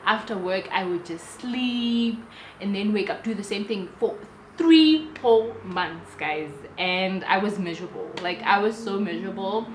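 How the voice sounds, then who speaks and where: A young woman with a South African accent tells her own story to the camera in a lively, chatty vlog manner. She jumps back to restart sentences and keeps a casual, confiding tone. The room is roomy, and a faint ambient hum sits underneath her. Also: medium pitch, measured pace. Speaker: vlogger.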